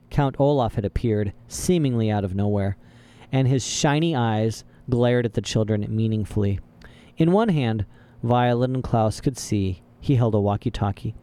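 A man reading an audiobook aloud as narrator, in steady, even storytelling. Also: lowish voice, moderate pace. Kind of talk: scripted narration.

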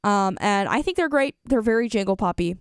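A woman's voice: mid-range voice, lively intonation, brisk, smooth, no room sound, clean studio sound. A young woman, a college radio DJ chatting casually on air, rambling with lots of fillers and self-corrections. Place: radio studio.

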